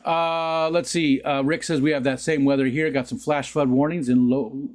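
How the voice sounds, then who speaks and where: A man in a home room talks loosely to a live chat audience, rambling from one thought to the next and breaking into easy laughter. His voice sits at an ordinary middle pitch, caught on a desk mic. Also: steady tone, normal speed. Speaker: livestream host. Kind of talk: casual chat to live viewers.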